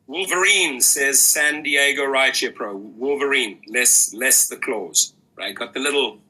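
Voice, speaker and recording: A man's voice: mid-range voice, unhurried, pushed and bright, slightly rough, low-quality recording. A man in a clip being played, mocking another driver sarcastically. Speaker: critic in a played video. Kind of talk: mocking commentary video.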